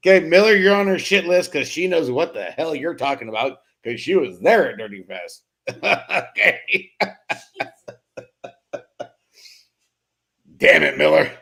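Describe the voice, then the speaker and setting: A man with a somewhat high, gravelly voice hosts a casual live stream. He reads viewer comments aloud, calls out chatters by name, and keeps the banter profane and full of laughter. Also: very animated, slow, pauses often, pushed and bright. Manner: joking, profane, laughs often; loose and teasing with chatters by name. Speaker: host of a BMX live show.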